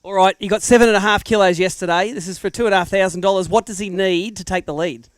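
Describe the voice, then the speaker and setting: Brief: Australian male emcee, quick and high, clear smooth tone, matey energy. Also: dry recording. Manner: energetic, matey banter with anglers. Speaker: tournament emcee. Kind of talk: live weigh-in commentary. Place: outdoors at a lakeside weigh-in.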